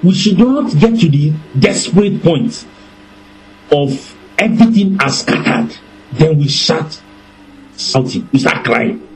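High, animated male preacher. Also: slight background noise, rough recording. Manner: animated, deliberate, breaks into laughter. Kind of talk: sermon.

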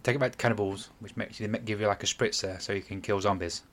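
A man hosts a casual podcast in a low voice, rambling through a long retelling. He loses his place often, stops to correct himself and apologizes. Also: fairly even intonation, fast talker. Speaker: podcast host. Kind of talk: casual chat.

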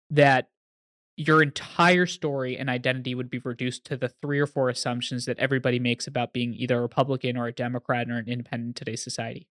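A man's voice: mid-range voice, a bit bright, dry recording, clean studio sound. A man hosting a podcast interview, asking questions in an eager, emphatic way. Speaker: podcast host. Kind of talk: conversational interview.

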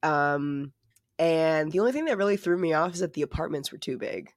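A podcast co-host chatting casually and joking around, with plenty of swearing along the way. The voice sits at a middle pitch for its kind. It is recorded close and dry, with almost no room sound. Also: brisk, no room sound. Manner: animated, profane and joking. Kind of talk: casual chat. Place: lives in New York City.

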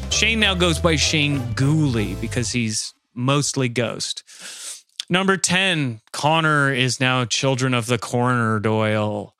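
A man's voice: mid-range voice, takes it slowly, soft background music. A man doing a joking countdown in playful comedic banter. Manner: lively, joking countdown delivery.

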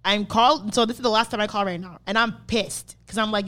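A woman's voice: mid-range voice, brisk, few pauses. A young adult woman, a podcast host telling a story in casual, profane chat and acting out what people said. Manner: profane, animated, acts out quotes.

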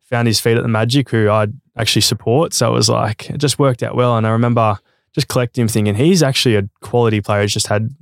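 Young Aussie man as a podcast guest, laid-back and rambling, quick pace, dry close mic. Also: medium pitch, vocal fry, no echo. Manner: relaxed and rambling, lots of fillers. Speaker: guest athlete. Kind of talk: casual chat.

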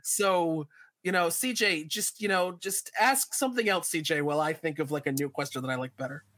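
Guest spot: American man, high voice, rambles, self-mocking, filler-heavy. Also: brisk, pushed and bright. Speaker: podcast guest. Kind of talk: casual chat.

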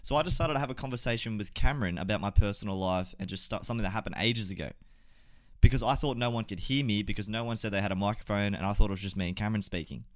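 A young man hosting a gaming podcast, telling a story casually, animated and swearing, laughing mid-sentence. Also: fairly low pitch, very fast, no echo, clean studio sound. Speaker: podcast host.

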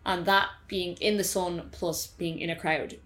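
A woman's voice: fairly low pitch, steady tone, a bit bright, faint music behind. A woman, a musician guest on a podcast, talking bluntly in a casual chat. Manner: chatty, blunt, quick to laugh along.

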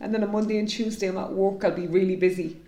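A woman's voice: mid-range voice, steady tone, fast talker, dark tone. A woman, talking frankly and emotionally as a podcast co-host, swearing freely. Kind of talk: candid casual chat. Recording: roomy echoey room.

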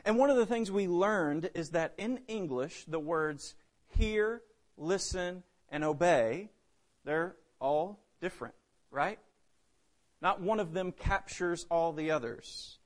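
A man preaching a sermon, swinging between loud emphasis and hushed drops. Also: high voice, animated, slow pace.

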